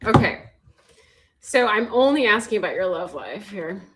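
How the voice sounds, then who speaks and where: A chatty woman reads tarot cards live, laughing easily and slipping into hushed, almost whispered asides. Her voice sits in an ordinary middle range. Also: mid-range voice, very animated, moderate pace, noisy background. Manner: giggly, chatty, drops to near-whispers while shuffling. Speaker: tarot reader. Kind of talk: casual livestream tarot reading.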